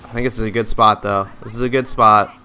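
A young man giving excitable gameplay commentary, trash-talking teammates and swinging between loud outbursts and mutters. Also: fairly low pitch, fast talker, a little hiss or hum. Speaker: gaming YouTuber.

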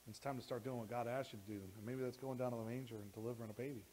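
Man, pastor, sermon, animated delivery, repeats and restarts, faint background noise. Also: mid-range voice, rapid-fire, poor audio. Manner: animated, rising to near shouting when worked up; repeats words and restarts often. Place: church.

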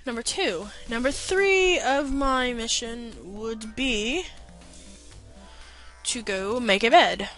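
A woman's voice: on the high side, animated, takes it slowly, fairly bright tone. A woman giving casual gameplay commentary, chatting to herself and playfully telling off the game's enemies. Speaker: let's play gamer. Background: faint game music.

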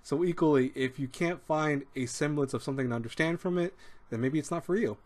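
A man's voice: on the high side, fairly quick. A man hosting an advice talk, speaking casually and rambling, with restarts and little acted-out quotes. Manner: rambling, repeats words, acts out quoted speech. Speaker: advice show host.

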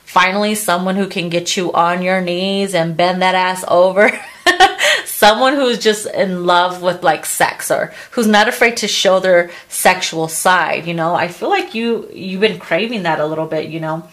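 A woman's voice: on the low side, normal speed, hardly any pauses, a bit bright. Crude, laughing woman reading tarot. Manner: blunt and crude, laughs often, acts out quotes. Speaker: tarot reader.

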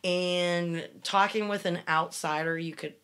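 A woman's voice: on the low side, steady tone, measured pace, a bit bright, clean tone. A middle-aged woman co-hosting a podcast, speaking bluntly and candidly with a wry edge in casual conversation. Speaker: podcast co-host.

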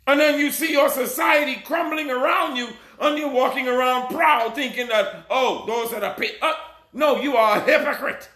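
Male preacher with a high, sharp voice, urgent and scolding, shouting his sermon in an echoey room. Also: normal speed. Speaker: self-proclaimed messiah preacher. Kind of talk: fiery street-style sermon. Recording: roomy echo.

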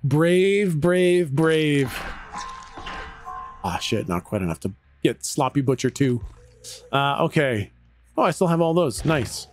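A man's voice: medium pitch, sing-song, normal speed, a little hiss or hum. A Canadian man casually chatting with his viewers while streaming a game, laid-back and chatty, with frequent laughs and some swearing.

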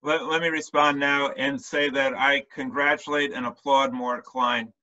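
Man, rabbi host, bright forceful tone, dull lo-fi call audio, earnest. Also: medium pitch, level tone, normal speed. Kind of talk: Zoom discussion. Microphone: video call.

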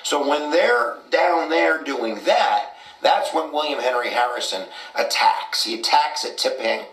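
A man's voice: on the high side, animated, unhurried, a bit bright, recorded from a distance. A man explaining history casually, with many fillers like "kind of" and "you know". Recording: echoey clip from off-mic.

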